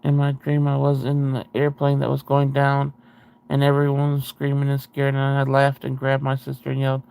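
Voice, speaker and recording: A man's voice: medium pitch, monotone, normal speed, creaky, a little mellow, smooth. A man hosting a casual video chat, reading viewer comments aloud with a rambling, self-interrupting way of talking and frequent laughs.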